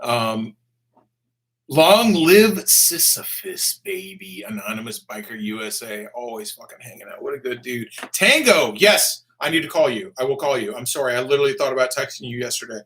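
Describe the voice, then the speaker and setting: In a casual live stream, a young man with a medium-pitched voice reads out donations and comments in a laid-back way. He swears freely, calls everyone "dude," and breaks into bursts of excitement and quick laughs.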